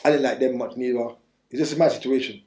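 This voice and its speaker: A man's voice: medium pitch, steady tone, fast talker, dark tone, roomy sound. A man telling his story bluntly in street slang during an interview, rambling and restarting as he goes. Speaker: interview guest.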